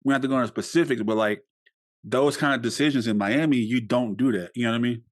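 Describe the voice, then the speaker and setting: A man's voice: medium pitch, fast talker. A young man hosting a podcast, talking casually and rambling with many fillers and restarts. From United States. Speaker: podcast host.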